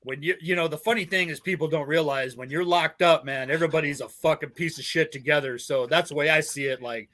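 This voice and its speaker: A man's voice: fairly high pitch, quick pace, hardly any pauses, a bit bright. A man from Southern California telling rambling, profanity-heavy stories on a podcast, laughing often. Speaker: podcast host. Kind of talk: casual storytelling chat.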